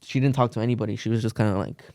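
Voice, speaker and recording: A man's voice: lowish voice, steady tone, racing, dark tone, no echo, studio quality. A young man casually telling a long story on a podcast, rambling with lots of "like" and cursing slang. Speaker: podcast co-host.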